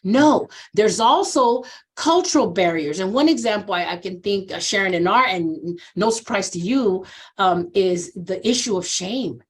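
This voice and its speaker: Guesting in a conversational interview, a veteran social worker in her sixties shares her experience in an unhurried way. Her storytelling is lively, often shifting into the voices of those she quotes with big pitch jumps, and she grows earnest and reflective when matters turn personal.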